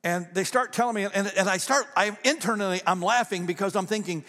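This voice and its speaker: A high-pitched man preaches to his church, his voice rolling around a large hall with long echoes. He tells stories with animation and repeats key phrases for emphasis. He sounds like a pastor speaking from the pulpit. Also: a little fast, bright, forceful tone. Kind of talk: sermon. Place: church sanctuary.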